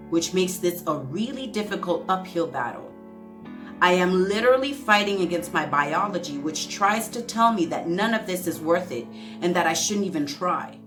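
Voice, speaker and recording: A woman with a slightly low but bright, forward voice speaks to her viewers in an earnest, emotional way, close to tears. Her reading halts and restarts now and then. Soft guitar music plays faintly underneath. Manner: earnest, emotional, halting reading with self-corrections. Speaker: vlogger. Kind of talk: heartfelt vlog talk and reading a letter aloud.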